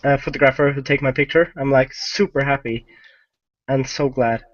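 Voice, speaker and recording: A man speaking as a podcast guest, chatty in a casual interview and quick to laugh. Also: medium pitch, steady tone, dry recording. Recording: dull lo-fi podcast audio.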